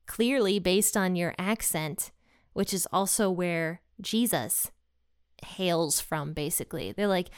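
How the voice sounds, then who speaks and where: A woman's voice: medium pitch, a little slow, clear, resonant tone, dry recording. Woman from Ohio, casual Bible study teacher, chatty storyteller, clean dry close-mic sound. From Ohio, USA.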